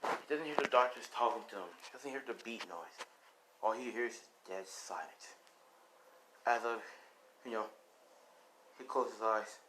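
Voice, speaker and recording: A man's voice: lowish voice, normal speed, long pauses, noisy background. A man casually improvising a fan story, rambling with many fillers and sighs.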